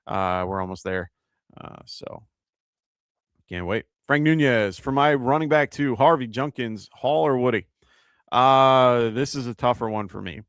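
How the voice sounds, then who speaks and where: A man with a New York accent hosts a live fantasy football stream, chatting casually, thinking aloud with fillers and reading out viewer questions. His medium-pitched voice is smooth, fairly bright and a little slow, in a dry, studio-quality recording.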